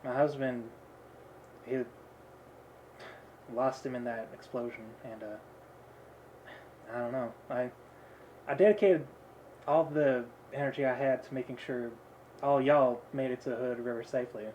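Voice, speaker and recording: A man voicing a blunt, weary widowed boatwoman who speaks low and subdued, trailing off as she talks. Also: a little slow, long pauses, a little mellow, lo-fi sound, slight background noise, close to an everyday voice. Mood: grieving.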